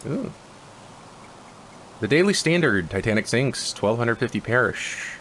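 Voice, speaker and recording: A man's voice: medium pitch, very animated, measured pace, a bit bright, slight background noise. A man casually commenting as he plays a game, reading on-screen text aloud. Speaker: let's-play host.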